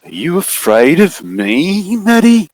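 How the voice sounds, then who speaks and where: A man voicing a menacing shadow being that coaxes a child in slow, soft tones. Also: high voice, wildly swooping pitch, pitched above the performer's own voice, heavily acted, low-quality recording. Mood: coaxing menace. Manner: slow, soft, wheedling, growing urgent.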